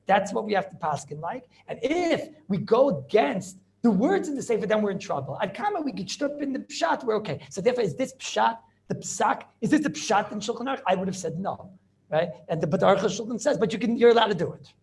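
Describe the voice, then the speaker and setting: A middle-aged rabbi giving an informal yeshiva class. He is animated and rhetorical, keeps asking "right?", and mixes Hebrew and Yiddish terms into his talk. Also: sits high, gravelly. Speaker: rabbi teaching a halacha class.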